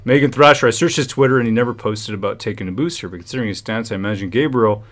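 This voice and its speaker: A man's voice: fairly low pitch, racing. A man hosting a casual livestream who is out of breath, talks loosely, and swears and laughs often. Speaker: livestream host.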